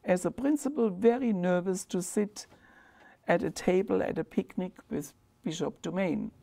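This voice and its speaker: A woman's voice: lowish voice, moderate pace, vocal fry, mellow. A woman with a German accent and German as her first language, a former principal, speaking thoughtfully in an interview. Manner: earnest, reflective, careful phrasing. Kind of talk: reflective interview.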